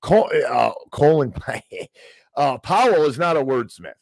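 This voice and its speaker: A man's voice: fairly high pitch, sing-song, slow, vocal fry, a little mellow, no echo. Dry, sarcastic ranting podcast man. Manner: sarcastic, mocking, theatrical outrage. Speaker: podcast host. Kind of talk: ranting financial commentary.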